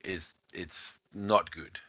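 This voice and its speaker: A man's voice: deep voice, fairly even intonation, takes it slowly, sharp tone, no room sound. A man co-hosting a casual podcast, hesitant with many restarts, arguing his point. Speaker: podcast co-host. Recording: dry, dull lo-fi sound.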